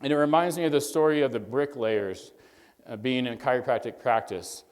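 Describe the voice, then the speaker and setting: Brief: man, mid-pitched, earnest storyteller addressing young doctors from a stage, long hall reverb. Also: moderate pace. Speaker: chiropractor speaking to young doctors. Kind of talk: motivational stage talk.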